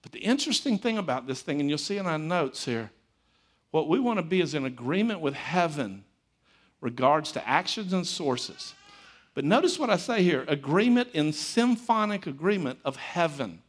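Male pastor, slightly raised pitch, sermon delivery that climbs to emphatic peaks and drops to soft asides, storyteller who repeats for effect. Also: big pitch swings, moderate pace. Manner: swings between loud emphatic lines and quiet asides.

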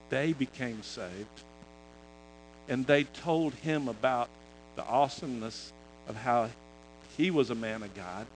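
Man, sermon storytelling, halting and conversational, faint music underneath. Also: medium pitch, low-quality recording. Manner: conversational, halting, many restarts. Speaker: preacher.

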